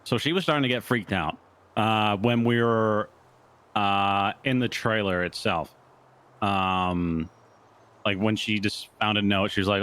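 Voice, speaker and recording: A man's voice: fairly low pitch, steady tone, measured pace, a bit bright, smooth. A man in a roleplay game, recounting events in a rambling way full of fillers. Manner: rambling, lots of likes and uhs. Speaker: roleplay player.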